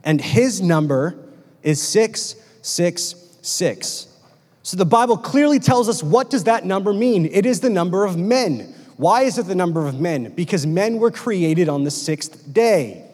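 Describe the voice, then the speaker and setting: A man's voice: high-pitched, lively intonation, moderate pace, a little mellow. A young man preaching a sermon in a church hall, casual and joking, with slang.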